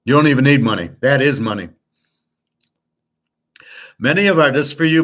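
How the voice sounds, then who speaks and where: A man's voice: mid-range voice, lively intonation, moderate pace, pauses often, a bit bright. Blunt, profane older man ranting. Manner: blunt, profane, emphatic, repeats himself. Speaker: host. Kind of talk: ranting livestream talk.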